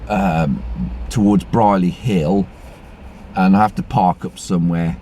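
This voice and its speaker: A middle-aged man vlogs from inside his car on a rainy day, chatting to his phone camera in a chatty, grumbling, sweary way. His voice is low and mellow, with a steady tone and measured pace, and there's slight background noise.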